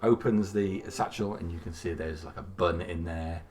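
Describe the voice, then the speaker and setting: A man narrating a tabletop game as game master, relaxed, with fillers. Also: low-pitched, moderate pace, a little hiss or hum.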